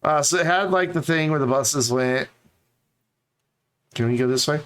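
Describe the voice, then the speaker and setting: A man's voice: fairly high pitch, normal speed, fairly bright tone, smooth. A man streaming a game, chatting casually and rambling to his viewers. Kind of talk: casual live-stream chat.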